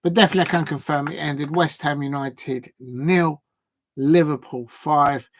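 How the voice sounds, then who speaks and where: A man's voice: on the high side, steady tone, moderate pace. A man, hosting a football livestream and chatting casually with viewers, rambling and thinking aloud with plenty of fillers. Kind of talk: casual live chat reacting to viewers.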